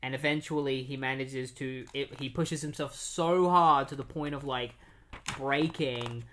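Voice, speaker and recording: A man's voice: medium pitch, fairly even intonation, unhurried, fairly bright tone. A man casually recapping comic issues on a podcast, rambling with many fillers and restarts. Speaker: podcast host.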